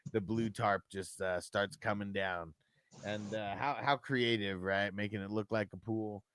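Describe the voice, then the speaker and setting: A man's voice: fairly low pitch, steady tone, measured pace, fairly bright tone. A man hosting a livestream in casual chat, laid-back, swearing freely and saying "man" and "dude" a lot. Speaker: livestream host.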